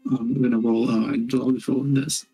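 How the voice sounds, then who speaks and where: Man, mid pitch, tabletop player, narrates his character, halting. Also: flat delivery, dark tone, breathy edge, rough recording. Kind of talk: casual tabletop play.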